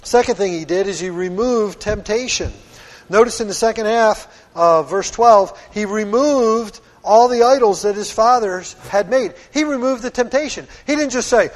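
A man's voice: high-pitched, normal speed. A middle-aged man from Pennsylvania preaching a sermon as pastor, earnest and firm in a conversational way. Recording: long hall reverb.

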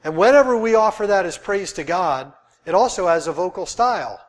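A middle-aged male preacher with a high-pitched voice delivers a sermon. He talks emphatically and repeats key phrases to drive his points home. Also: lively intonation, fairly quick.

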